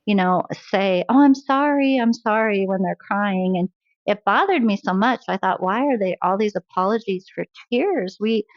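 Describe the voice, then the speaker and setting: A woman's voice: medium pitch, normal speed, no room sound. Earnest woman, dull lo-fi sound. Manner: earnest, laughs often while telling stories. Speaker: guest. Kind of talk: faith-based interview conversation.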